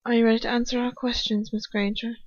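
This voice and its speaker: A woman reader voicing a cold, sneering aristocratic wizard who speaks in a slow drawl. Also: fairly high pitch, level tone, no room sound, natural voice. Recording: dull lo-fi home recording.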